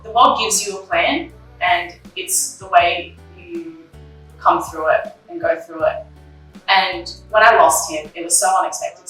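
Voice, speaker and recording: A woman's voice: fairly low pitch, sharp tone, distant mic. A young woman, talking candidly and emotionally as an interview guest, often acting out her own past conversations. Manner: candid, emotional, retells her own past dialogue, many likes and ums. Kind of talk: personal conversation about grief. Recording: echoey room, voice off-mic, faint music.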